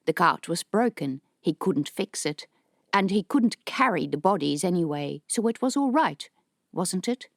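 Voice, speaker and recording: This audiobook narration comes from a woman whose pitch is fairly low, delivering scripted text in an even, measured reading voice. The studio-quality recording is dry.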